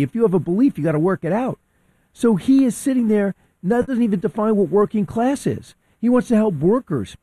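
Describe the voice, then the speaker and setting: A man with a fairly high yet dark, mellow voice, recorded dry and close. He argues heatedly as a talk radio guest, stumbling over and repeating words as he pushes his point. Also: dry recording. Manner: heated, restarts and repeats words, acts out quotes. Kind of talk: opinionated talk radio discussion.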